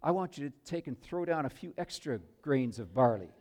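A man voicing a kindly, generous landowner who speaks in a warm, eager, coaxing way. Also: medium pitch, lively intonation, brisk, lightly acted. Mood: insistent.

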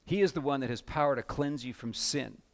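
A man's voice: medium pitch, a little fast. Male pastor, earnest sermon delivery, swells to emphatic passages.

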